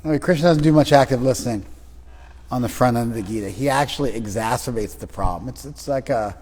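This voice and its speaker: A man with a slightly husky voice leads a lively class, teasing his students and acting out little scenes. His voice carries a long reverb from a large room. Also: mid-range voice. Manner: teasing, animated, acts out quoted voices. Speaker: spiritual teacher leading a class.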